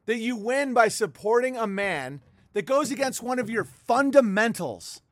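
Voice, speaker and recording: A high-pitched man rants through a political monologue in a heated, profane, mocking way. His voice sits dry and close to the mic. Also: lively intonation, normal speed, dry recording. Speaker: political commentator.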